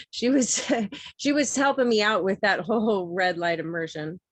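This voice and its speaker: A woman in an online circle, teary and emotional, speaking haltingly and laughing through tears as she shares her gratitude. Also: medium pitch, no echo. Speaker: participant sharing in the circle.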